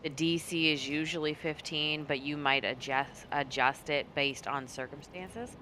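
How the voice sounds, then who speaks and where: Bright-voiced player asking about the rules. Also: medium pitch, steady tone, a little slow, slight background noise. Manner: inquisitive, reads rules aloud. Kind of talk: tabletop game table talk.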